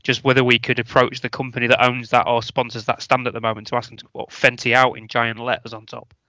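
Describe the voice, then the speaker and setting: Male panelist, dry humour, crisp bright tone, dead dry audio. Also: medium pitch, level tone, fast, no echo. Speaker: podcast panelist. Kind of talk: casual football podcast chat.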